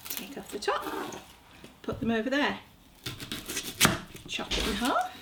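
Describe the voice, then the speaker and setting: In her home kitchen, a middle-aged gardening vlogger speaks slowly in a slightly high voice whose pitch swoops wildly. She jokes about herself and chats while demonstrating a recipe, against audible background noise.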